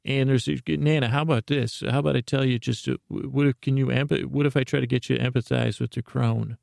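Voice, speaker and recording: A man's voice: medium pitch, steady tone, quick pace, creaky, darkish tone, dry recording, clean studio sound. A man hosting a podcast, rambling through a self-deprecating improvised comic monologue full of restarts. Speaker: podcast host.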